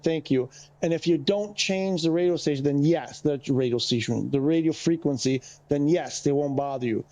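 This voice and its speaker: A slightly winded man streams a flight game and walks through the radio steps via his headset mic, chatting casually and drifting off topic. His voice is a little high and warm, at normal speed.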